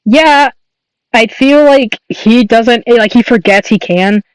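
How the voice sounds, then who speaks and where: A man's voice: very high voice, slow, clear, resonant tone, no room sound, low-quality recording. A man chatting on his livestream, rambling enthusiastically with lots of fillers and restarts. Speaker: streamer and artist. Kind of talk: casual livestream chat.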